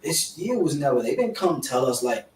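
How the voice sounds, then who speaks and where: A man quickly recounting events, repeating himself as he tells it. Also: a little high, very animated, darkish tone, slight background noise. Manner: fast, repetitive storytelling. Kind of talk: recounting events in a played clip. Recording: echoey crowded room, far from the mic.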